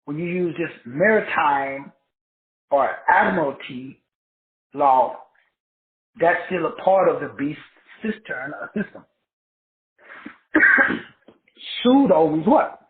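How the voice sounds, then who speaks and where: Emphatic man teaching over a tinny echoey line. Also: on the high side. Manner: spells words out letter by letter, asks and answers his own questions; emphatic, rhythmic repetition. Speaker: self-help teacher. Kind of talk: preachy teaching talk. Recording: tinny phone-like sound in an echoey room.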